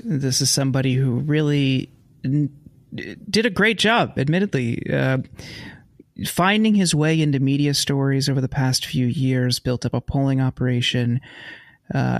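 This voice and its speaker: A man hosting a podcast interview, asking measured questions with frequent pauses. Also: medium pitch, dry recording, clean studio sound. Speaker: podcast host.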